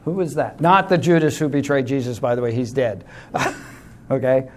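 A man's voice: medium pitch, steady tone, moderate pace. A man teaching a Bible study class in a conversational way, explaining with simple illustrations and calling on class members.

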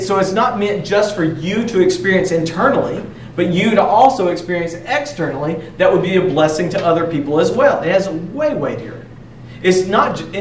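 A man's voice: high voice, a little hiss or hum. Man preaching in an echoey sanctuary. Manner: conversational preaching with joking asides, slows for emphasis. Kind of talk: sermon. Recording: roomy echo, distant mic, faint ambience.

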